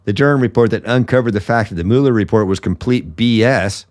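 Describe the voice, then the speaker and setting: Man, fairly low voice, podcast host, blunt, sarcastic, indignant ranting commentary. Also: brisk, a little mellow, no echo, clean studio sound. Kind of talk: political commentary monologue.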